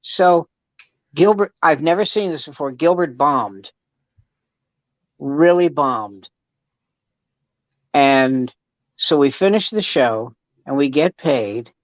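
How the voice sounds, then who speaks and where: Appearing as a guest on a laid-back podcast, this comedian spins wisecracking jokes and stories. He sounds a little high and animated but speaks slowly with frequent pauses, in a dry, dull lo-fi recording with no room sound.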